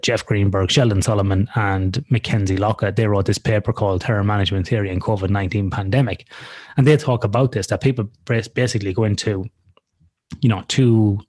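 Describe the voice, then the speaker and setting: Husky-voiced man chatting loosely on a podcast. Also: on the low side, a little mellow. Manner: loose and frank, swears freely, rambles through examples. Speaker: podcast co-host. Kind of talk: casual conversational chat. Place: lives in Australia.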